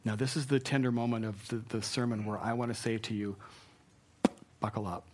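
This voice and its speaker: A man's voice: lowish voice, steady tone, fairly quick, noisy background. Earnest male pastor preaching. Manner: earnest and emphatic, dropping soft for tender points. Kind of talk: sermon.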